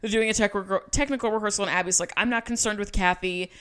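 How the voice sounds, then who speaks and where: A woman's voice: fast, clean tone. A young woman co-hosts a podcast in a loose, chatty way. She swears freely, and her voice jumps up whenever she mimics someone she is talking about. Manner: animated, swears, mimics people with raised pitch. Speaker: podcast co-host. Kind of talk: casual recap chat.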